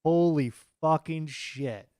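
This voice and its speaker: A man's voice: fairly high pitch, slow, mellow, clear, resonant tone, no room sound. Dry, profane man telling stories. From United States. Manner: profane, rambling storyteller. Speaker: podcast co-host. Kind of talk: casual chat.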